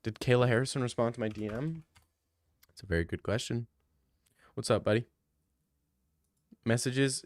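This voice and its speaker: A man's voice: mid-range voice, moderate pace, pauses often, no room sound. Joking male streamer, dry room. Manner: joking, mock-ranting. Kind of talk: casual chat answering viewer questions.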